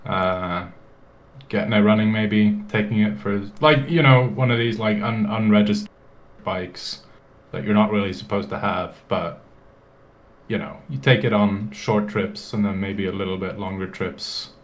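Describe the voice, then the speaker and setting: A man's voice: fairly low pitch, measured pace. A man playing a tabletop game, speaking hesitantly with many uhs. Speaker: player. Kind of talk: in-character tabletop chat.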